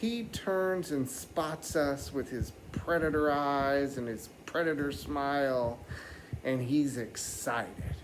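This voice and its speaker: A man's voice: mid-range voice, slow, noisy background. Man telling a rambling stand-up story. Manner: animated, rambling storytelling with mock voices. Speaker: stand-up comedian.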